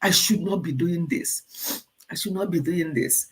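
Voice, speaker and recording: An older woman, hosting a live stream and talking warmly and emotionally to her viewers. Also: fairly low pitch, measured pace, background noise. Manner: emotional, tearful at times, talks directly to commenters. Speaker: channel host.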